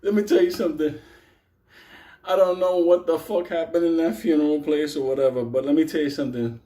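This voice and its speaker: High-voiced man telling a raunchy story. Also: a little fast. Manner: profane, laughs often; animated, rambling. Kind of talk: casual storytelling.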